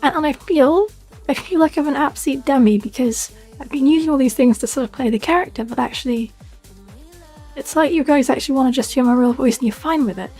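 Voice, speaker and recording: Man using a voice changer as a young goth woman, British accent, high husky voice, giggly, chatty, faint music. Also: fairly quick, a little mellow, heavily acted. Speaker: streamer. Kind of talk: casual live-stream chat.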